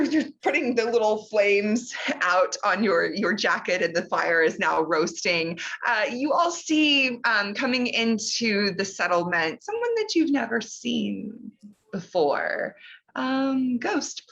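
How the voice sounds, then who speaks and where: A woman's voice: mid-range voice, sing-song, takes it slowly, creaky, fairly bright tone, muffled recording. A woman narrating a tabletop game as game master, hesitant with many fillers.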